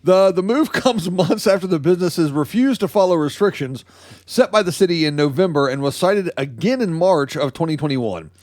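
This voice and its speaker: A man's voice: on the high side, expressive, moderate pace, a little mellow, dry recording, clean studio sound. A man co-hosting a comedy news podcast, reading stories and cracking jokes in casual chat. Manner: jokey, reads news stories with asides. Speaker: podcast co-host.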